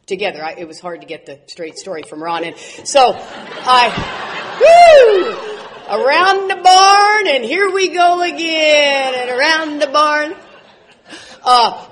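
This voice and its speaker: A woman in her forties speaking at a recovery convention, telling animated stories with laughs and loud outbursts. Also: mid-range voice. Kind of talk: speaker talk to an audience.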